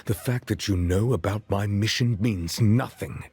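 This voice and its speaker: A cold ancient cookie commander speaks with solemn contempt. His voice is very deep and husky. The recording is dry and close. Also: moderate pace, darkish tone, no room sound. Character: stern ancient male cookie lord commander. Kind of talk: game voice acting.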